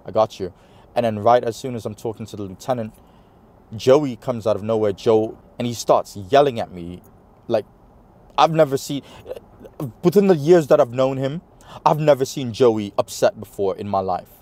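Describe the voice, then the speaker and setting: Animated New York man telling a story. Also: medium pitch, normal speed. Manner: animated retelling, acts out quoted dialogue, many fillers. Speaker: interview guest. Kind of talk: recounting a personal story.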